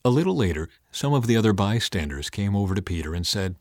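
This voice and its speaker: Man, scripture reading, dramatic, lively pitch, dry close recording. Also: fast, no echo. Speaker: narrator.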